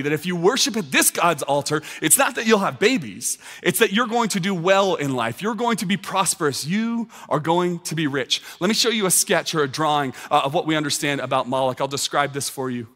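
A man's voice: on the high side, bright, forceful tone, big-room sound. A man in his thirties preaching a sermon with emphatic, building repetition. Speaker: pastor.

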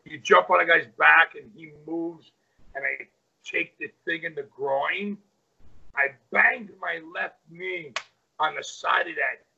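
Middle-aged guy, gravelly and raspy, swears a lot while he spins yarns, dull lo-fi sound. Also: on the high side, slow. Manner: animated, swears freely, acts out quotes. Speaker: wrestling guest. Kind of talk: casual storytelling.

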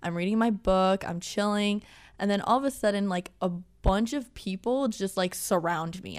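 Young woman, podcast co-host, animated storytelling, casual chat. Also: mid-range voice. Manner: animated storytelling, many "like" fillers.

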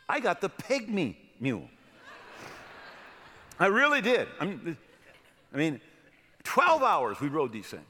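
A middle-aged American man preaching, telling a personal story in an animated way and often checking in with "right?". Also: on the high side, husky. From United States. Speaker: pastor. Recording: long hall reverb.

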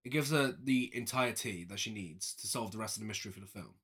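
A podcast co-host recapping a film in casual chat, giggly and quick to act out what the characters say. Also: medium pitch, a bit bright, slightly rough.

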